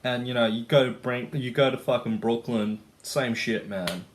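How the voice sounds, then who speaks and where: A man's voice: mid-range voice, steady tone, normal speed, slight background noise. A young Australian man ranting casually to camera, rambling and swearing with lots of fillers. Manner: rambling, profane, full of fillers. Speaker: vlogger.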